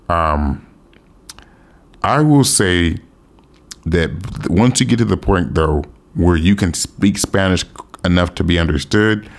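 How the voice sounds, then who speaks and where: An American man hosts his own podcast in a loose, candid solo chat, swearing freely as he talks. His voice sits a little low, but his pitch swings widely as he gets going. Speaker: podcast host. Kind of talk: casual solo podcast talk.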